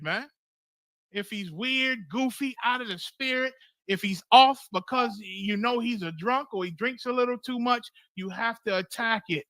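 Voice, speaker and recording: A man's voice: very high-pitched, normal speed, bright, forceful tone, no room sound. A man leading a scripture class, preaching in a loose, streetwise way with profanity and acted-out exchanges.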